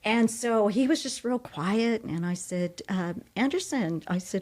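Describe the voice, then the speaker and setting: A woman's voice: medium pitch, lively intonation, unhurried, few pauses. Laughing American grandmother telling stories. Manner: warm storytelling, laughs often, acts out quotes. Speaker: guest. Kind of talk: conversational interview.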